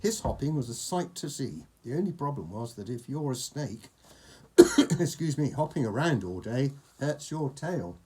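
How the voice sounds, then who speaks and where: Mellow man reading a picture book aloud. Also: mid-range voice, sing-song, moderate pace, slight background noise. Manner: playful, chatty asides. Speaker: storyteller reading to a child.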